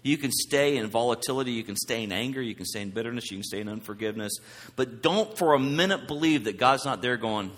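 A man's voice: mid-range voice, lively intonation, fairly quick, a bit bright. A man giving an informal, conversational sermon, telling stories and acting out the voices he quotes. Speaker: preacher. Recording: long hall reverb.

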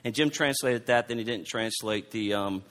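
A middle-aged man preaching a sermon, telling a personal story in a halting way, often repeating his words, and reading scripture aloud. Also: lowish voice, a bit bright. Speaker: pastor.

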